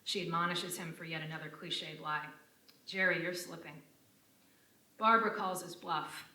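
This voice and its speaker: A woman with a fairly low, bright, forceful voice reads a prepared academic lecture in a measured, formal way. She sounds distant from the mic, in a roomy university lecture room. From United States (Connecticut). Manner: measured, formal delivery of written prose. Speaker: lecturer presenting a paper.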